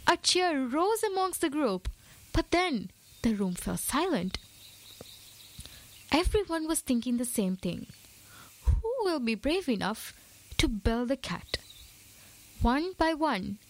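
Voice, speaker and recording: A woman narrating a children's story in an expressive, lively way. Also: sits high, rough recording.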